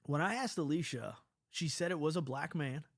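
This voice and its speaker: A man's voice: fairly high pitch, moderate pace, no room sound, clean studio sound. A man with a stuffy nose telling a personal story in a casual, rambling way, swearing often and restarting his sentences. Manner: profane, rambling, animated, with many restarts. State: stuffy from a cold.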